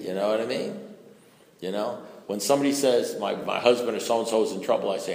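A man sharing his story as a recovering alcoholic at a recovery meeting, in a conversational way full of "you know"s that rises to loud bursts. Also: on the low side, quick pace, gravelly. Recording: echoey hall reverb.

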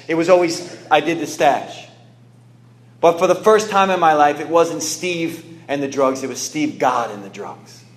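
Earnest man giving testimony in an echoey room. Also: fairly high pitch. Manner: earnest, conversational, with restarts. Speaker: recovery meeting speaker. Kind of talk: personal testimony talk.

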